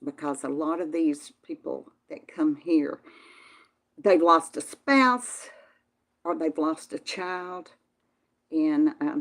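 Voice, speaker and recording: Chatty Texan woman hosting a live chat. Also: low-pitched. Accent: Southern US. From Texas. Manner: chatty, folksy, addresses viewers as y'all. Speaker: channel host reading live chat. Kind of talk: casual live-stream chat.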